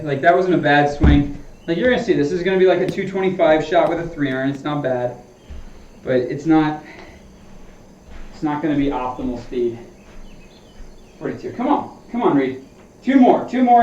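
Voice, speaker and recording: High-voiced man in a roomy simulator room. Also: a little mellow, a little hiss or hum. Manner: explains his swing feel to chat, talking to himself between shots. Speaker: golf streamer. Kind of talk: casual live-stream chat while practicing. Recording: roomy dull sound, mic at a distance.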